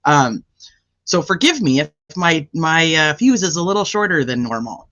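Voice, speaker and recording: A man's voice: fairly high pitch, big pitch swings, normal speed, bright, forceful tone, no echo, highs cut off. A man hosting a casual livestream and chatting with viewers, with a sore throat. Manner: chatty, greets viewers by name. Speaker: livestream host.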